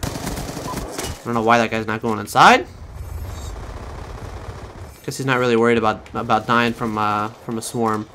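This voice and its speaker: A man giving profane, excitable commentary over his own gameplay and talking to his viewers. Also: medium pitch, a little slow, pauses often, a little hiss or hum. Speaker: gaming channel host.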